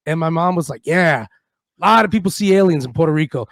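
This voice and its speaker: A man with a high, bright voice co-hosts a radio comedy show. He tells animated stories and slips into other people's voices as he goes. The studio sound is close and dry. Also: fast talker, gravelly, no echo. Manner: animated storyteller, acts out voices. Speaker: radio co-host. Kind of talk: casual comedy chat.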